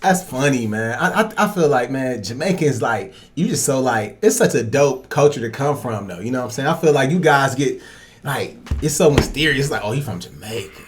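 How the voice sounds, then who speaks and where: A man hosting a podcast in casual chat, an animated storyteller who keeps saying "you know what I'm saying". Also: medium pitch, normal speed, slight background noise. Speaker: podcast host.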